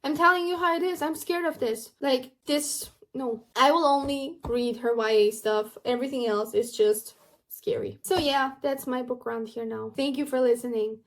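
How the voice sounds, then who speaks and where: A young woman reviewing books in a casual vlog, animated and exasperated, acting out the characters' lines as she retells the plot. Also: sits high, normal speed. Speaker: book vlogger. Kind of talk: casual book review chat.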